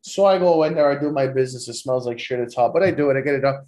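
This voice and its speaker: A man's voice: on the high side, very fast, a little mellow. A young man telling profane, rambling stories in a loose, joking, casual way as a podcast host. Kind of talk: casual storytelling.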